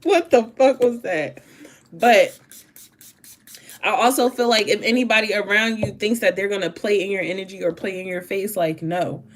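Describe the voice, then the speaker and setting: A woman's voice: medium pitch, steady tone, moderate pace, slight background noise. A woman doing a casual tarot reading, talking in a rambling, emphatic way and swearing freely. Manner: profane, rambling and emphatic, with sudden laughs. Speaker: tarot reader.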